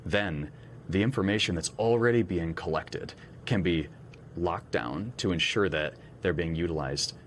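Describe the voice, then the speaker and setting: A man speaking in an interview in a measured, explanatory way. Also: deep voice, fairly bright tone, a little hiss or hum.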